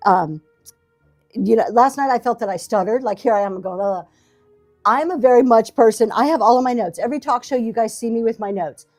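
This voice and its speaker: Middle-aged woman host, mellow slightly high voice, rambling encouraging livestream chat, faint music behind. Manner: rambling, self-deprecating, encouraging, many fillers. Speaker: livestream seller and talk show host. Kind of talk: casual livestream chat to viewers. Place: home basement. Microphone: camera in front of her.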